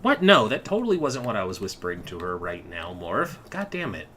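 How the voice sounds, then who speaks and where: Bright-voiced man running a tabletop game. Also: on the low side, very animated, fairly quick, slight background noise. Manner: laughing, stammering restarts. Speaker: game master.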